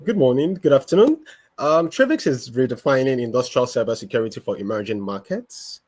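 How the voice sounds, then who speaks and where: Hesitant startup founder practicing a pitch. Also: male voice, expressive, a little fast, darkish tone, husky. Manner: hesitant, with many fillers.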